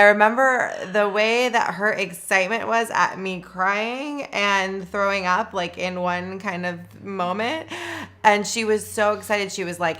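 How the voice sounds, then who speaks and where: A woman's voice: medium pitch, measured pace. A woman candidly telling her own birth experiences in a casual chat. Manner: candid, animated when quoting others. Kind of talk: casual personal storytelling.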